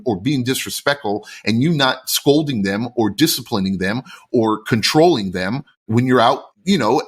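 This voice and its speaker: A man who runs a pool service business, a podcast guest telling stories in an animated, frank and heated way. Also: medium pitch, breathy edge. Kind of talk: casual podcast chat.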